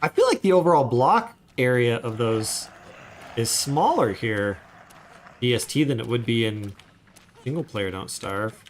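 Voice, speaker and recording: A man's voice: mid-range voice, big pitch swings, unhurried. Guy streaming a game, rambly and chatty, lots of ups and downs in his voice. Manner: chatty, rambling asides while playing. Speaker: gaming streamer. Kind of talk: casual livestream commentary.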